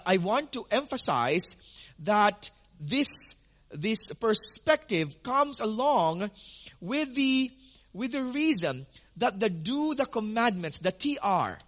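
Man, pastor, sermon, high voice, bright tone, earnest, repeats for emphasis. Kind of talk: sermon teaching.

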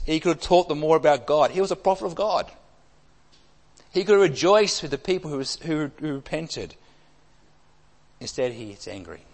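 Male preacher, expository sermon, emphatic delivery, long echoing hall reverb. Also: on the high side. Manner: expository preaching, emphatic with wide swings in volume.

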